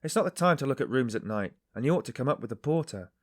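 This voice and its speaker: Man putting on a loud, uneasy workman. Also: medium pitch, animated, fast, no echo, clean studio sound, voice pushed up, close to an everyday voice. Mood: agitated. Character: uneasy older male workman, rough laborer.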